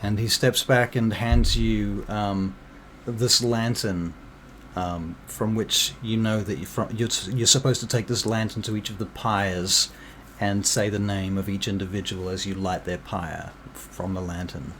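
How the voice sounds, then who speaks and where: Hoarse low-voiced man running a tabletop game. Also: steady tone, measured pace, a bit bright, slight background noise. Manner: rambling, self-deprecating, many fillers. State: losing his voice, clearing throat. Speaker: game master.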